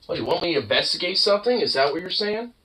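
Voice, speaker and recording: A man's voice: high-pitched, big pitch swings, fast talker, sharp tone, husky. A man chatting to his pet dog in teasing baby talk, mixing cooing with swearing. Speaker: pet owner vlogger.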